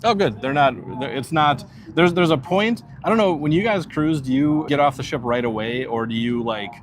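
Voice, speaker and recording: A man's voice: medium pitch, animated, moderate pace. Chatty man live-streaming from a ship deck. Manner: chatty, awed, addresses viewers directly. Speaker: cruise vlogger hosting a live stream. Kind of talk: casual live-stream chat. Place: outdoors on a cruise ship's upper deck.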